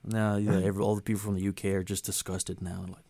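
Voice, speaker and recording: A man's voice: deep voice, rapid-fire, creaky, slight background noise. A man hosting a podcast, chatting casually with friends and rambling with lots of filler words. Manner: rambling, filler-heavy, relaxed. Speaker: podcast host. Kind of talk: casual chat among friends.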